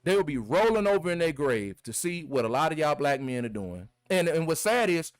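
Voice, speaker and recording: A man's voice: a little high, very animated, brisk, clear, resonant tone, dry recording, clean studio sound. A man hosting his own video, giving a heated, repetitive, scolding commentary. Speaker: video host. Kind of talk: impassioned commentary rant.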